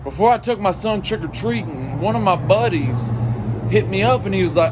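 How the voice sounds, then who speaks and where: A man spins a comic story in a casual, profane way. His voice is fairly high, and his punchlines land deadpan. A faint hum runs behind him. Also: moderate pace. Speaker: comedic storyteller.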